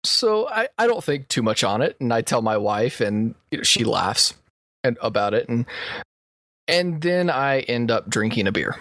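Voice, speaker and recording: In a clean, dry studio recording, a male podcast co-host chats casually through a story from work and laughs frequently. He speaks at a medium pitch with big swings, a slightly bright tone, and a normal pace.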